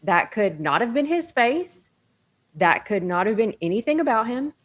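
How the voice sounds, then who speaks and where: Woman ranting on her channel, kinda high voice, emphatic and animated, keeps tacking on allegedly. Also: normal speed. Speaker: commentary host. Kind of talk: casual opinion commentary.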